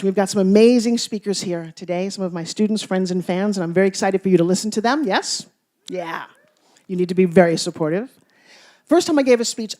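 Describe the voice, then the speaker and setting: Woman, motivational stage speaker, playful and teasing, animated, loud bursts and hushed asides. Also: mid-range voice. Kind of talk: stage speech to a live audience.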